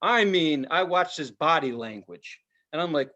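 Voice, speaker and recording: A middle-aged man with a fairly high voice, recounting an incident on a podcast. He tells it in a casual, animated way, swearing freely as he gets fired up. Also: moderate pace, highs cut off. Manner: heated, profane, animated storytelling. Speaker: podcast co-host. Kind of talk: casual storytelling chat.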